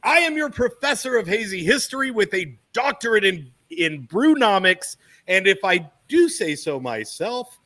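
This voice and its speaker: A man's voice: high voice, sing-song, normal speed, sharp tone. A man co-hosting a podcast, introducing himself like a brash, boastful showman with bellowing announcements. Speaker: podcast co-host. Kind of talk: casual chat.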